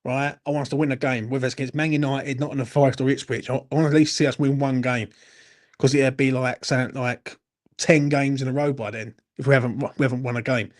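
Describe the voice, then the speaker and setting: A man's voice: medium pitch, little pitch movement, quick pace. A young man hosting a late-night football Q&A, blunt and sweary, a little tipsy as he answers chat comments. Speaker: football channel host.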